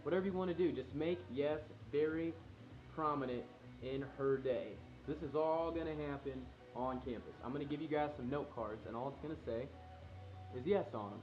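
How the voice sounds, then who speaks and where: A young man talking to camera in an earnest, excited way, explaining a plan to his friends. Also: mid-range voice, fairly quick, muffled recording. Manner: earnest and excited, reads a heartfelt letter softly. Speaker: vlogger planning a proposal. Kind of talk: casual direct-to-camera talk.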